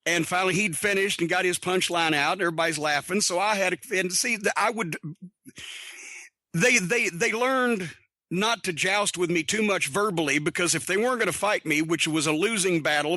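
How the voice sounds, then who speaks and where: A man's voice: high voice, normal speed, sharp tone, dry recording. A middle-aged man hosting a podcast, telling blunt, profane locker-room stories in a casual, wry way. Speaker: podcast host. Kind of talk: casual storytelling monologue.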